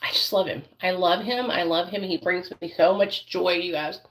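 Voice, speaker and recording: A woman's voice: fairly low pitch, fairly even intonation, moderate pace, a bit bright. Chatty rambling woman vlogger. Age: adult parent. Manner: rambling, chatty, many fillers; doting baby talk to her dog. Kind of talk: casual chat while doing makeup.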